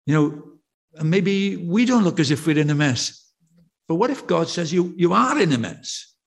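A man's voice: fairly high pitch, expressive, normal speed, creaky, breathy edge. A man preaching a sermon in a church, talking in a conversational way, telling stories and asking his listeners questions. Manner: conversational, anecdotal, full of rhetorical questions.

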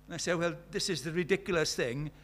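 British preacher, lively storytelling sermon. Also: male voice, on the high side, fast talker. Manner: storytelling, acting out dialogue, rhetorical questions.

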